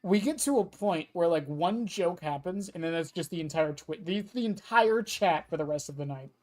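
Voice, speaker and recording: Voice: medium pitch, expressive, moderate pace, a little mellow, no echo. A streamer with a cracking voice, laughing often and joking with chat during live gaming commentary.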